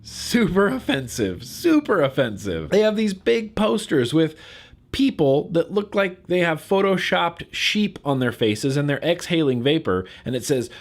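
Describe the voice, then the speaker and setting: A man's voice: a little high, sing-song, measured pace. A man from California talking casually to camera in a vlog, getting fired up and repeating words for emphasis. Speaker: vlogger.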